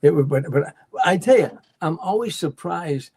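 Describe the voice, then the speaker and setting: A man's voice: a little high, lively intonation, normal speed, a little mellow, breathy edge. An older man, a guest comedian, telling show-business stories and acting out what people said. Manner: storyteller who acts out quoted lines. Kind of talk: casual anecdote telling.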